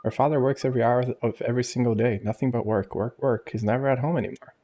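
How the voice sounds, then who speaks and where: A man's voice: mid-range voice, fairly even intonation, quick pace, mellow, pitched above the performer's own voice, close to an everyday voice. A man voicing a fussy, kindly elderly woman neighbor who gossips chattily and sympathetically, reading game dialogue aloud. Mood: gossipy.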